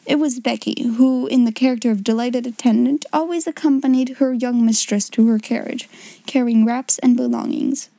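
Woman, storybook narrator, calm and measured, fairly high voice, dry close sound. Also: gravelly, no echo. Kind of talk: storybook reading.

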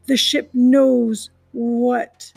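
Storybook reading: woman doing a broken male robot hunter, quiet and stammering, drawn out. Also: fairly high pitch, little pitch movement, creaky, slightly rough, faint music behind, exaggerated voice, poor audio. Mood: faltering. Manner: stuttering, garbled, slow and quiet.

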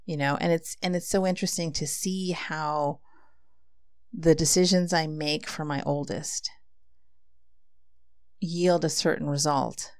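A woman podcast host with a low voice and a gravelly edge, speaking slowly and earnestly. She moves between reflective casual talk and reading poetry aloud, with a close, dry sound. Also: fairly even intonation, darkish tone, dry recording. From Filipino heritage. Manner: earnest and reflective, with frequent fillers.

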